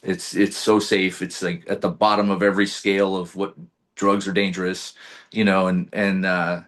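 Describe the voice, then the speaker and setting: A man, a podcast guest, telling a personal story in casual chat. He is animated, swears freely and acts out his own past lines. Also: low voice, moderate pace.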